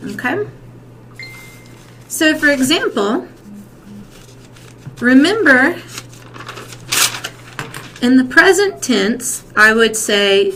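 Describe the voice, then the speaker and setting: A woman walks a class through verb endings at a slow, deliberate pace. Her voice sits a little high, and she keeps checking in with the class. A faint hiss of noise runs under the recording. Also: big pitch swings, a bit bright, poor audio. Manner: slow, patient, repeats and checks with "okay?". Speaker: Spanish teacher. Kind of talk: classroom lesson.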